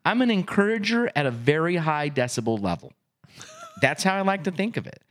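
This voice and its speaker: A man co-hosting a podcast, telling a coaching story in casual chat and acting out his own yelling in loud bursts. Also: fairly high pitch, sing-song, brisk. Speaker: podcast co-host and youth football coach.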